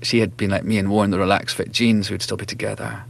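Chatty Scottish man, lowish voice. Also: flat delivery, fast talker, creaky. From Scotland. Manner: chatty and self-mocking, laughs often. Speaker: actor, interview guest. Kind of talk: relaxed interview chat.

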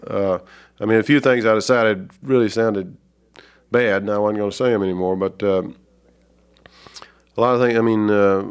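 Man, Georgia accent, deep-ish gravelly voice, halting, fillers, interview guest. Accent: Southern US, Georgia. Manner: halting, many fillers and restarts. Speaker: author and guest. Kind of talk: reflective interview talk.

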